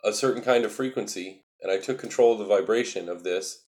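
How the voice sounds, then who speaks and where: Livestream host, male, lowish voice, earnest and emphatic, repeats his points. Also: a little fast, darkish tone. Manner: earnest, repetitive, emphatic explaining. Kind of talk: casual livestream talk answering viewer chat.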